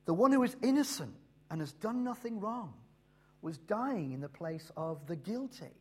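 Husky-voiced man preaching emphatically. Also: high-pitched, lively intonation. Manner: emphatic, rises and drops in loudness and slows on key phrases. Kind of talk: sermon.

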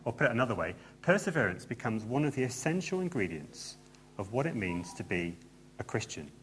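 A man's voice: mid-range voice, slight background noise. A man preaching a sermon in a church, earnest and emphatic, with light asides to the congregation.

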